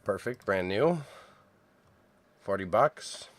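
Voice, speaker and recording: Low-voiced man musing while typing. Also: slow pace. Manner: relaxed, self-mumbling, thinks aloud while typing. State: throat clearing, a bit phlegmy. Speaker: streamer and reseller. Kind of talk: casual co-working stream chat. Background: keyboard typing.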